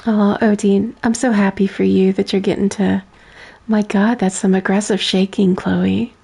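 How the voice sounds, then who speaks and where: A soft-spoken woman streamer with a gravelly, husky texture, speaking close to the mic for an ASMR gameplay stream. Her tone is mellow and dark, and she reads game text aloud quietly between small giggles. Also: mid-range voice, level tone, moderate pace.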